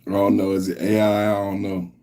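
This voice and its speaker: A man hosting a podcast, giving casual, excitable, profane reaction commentary and laughing often. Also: fairly low pitch, a little fast. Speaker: podcast host.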